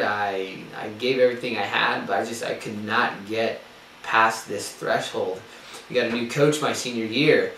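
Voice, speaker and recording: A man's voice: mid-range voice, fairly bright tone. A young man giving an earnest sermon-style talk, with frequent ums and restarts. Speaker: speaker giving a spiritual talk. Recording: echoey room, distant mic, faint noise.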